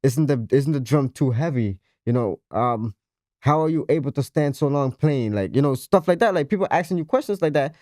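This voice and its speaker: A man's voice: medium pitch, animated, brisk, a little mellow, dry recording, clean studio sound. A man on a casual podcast, speaking earnestly and repeating phrases for emphasis. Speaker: podcast co-host.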